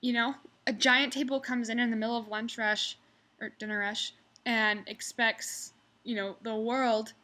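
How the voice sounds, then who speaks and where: A woman's voice: a little high, level tone, measured pace, pushed and bright. A young woman who works as a restaurant server, ranting casually about customers and mimicking them in exaggerated voices. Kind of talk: casual storytelling vlog.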